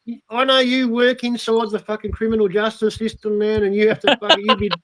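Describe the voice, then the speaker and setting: A man's voice: high voice, little pitch movement, brisk, fairly bright tone. An Australian man in casual chat, swearing constantly and calling everyone mate.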